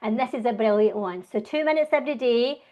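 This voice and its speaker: A Scottish woman speaks quickly and with plenty of enthusiasm, guesting in a relaxed interview. Her voice sits a little high, and her talk tumbles along in a lively rush. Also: lo-fi sound. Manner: fast, enthusiastic talker. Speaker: guest, wellbeing coach. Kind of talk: conversational interview.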